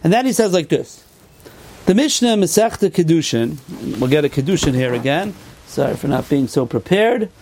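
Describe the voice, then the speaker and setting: High-voiced man giving a lively Torah class. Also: normal speed, a little hiss or hum. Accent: American yeshiva English with Yiddish and Hebrew terms. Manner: lively sing-song reading of Hebrew texts, sudden swings in pitch. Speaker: Torah teacher. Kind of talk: Talmudic lecture.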